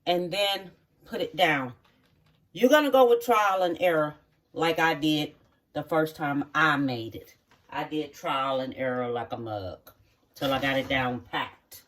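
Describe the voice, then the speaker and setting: A home cook with a medium-pitched, fairly bright voice and a measured pace demonstrates a recipe in a home kitchen. The delivery is chatty and folksy, stepwise, with regular "okay?" check-ins, and the mic sits well away from the speaker.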